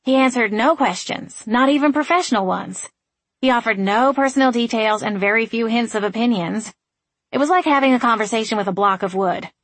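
A woman voicing a sarcastic, stubborn young woman who talks in a sharp, sardonic way. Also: on the high side, dry recording, voice pushed up. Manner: sharp, sardonic, quick to snap.

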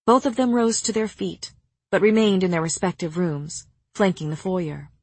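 A woman narrating a first-person novel in an unhurried, expressive storytelling manner. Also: fairly low pitch, breathy edge, dry recording. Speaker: audiobook narrator.

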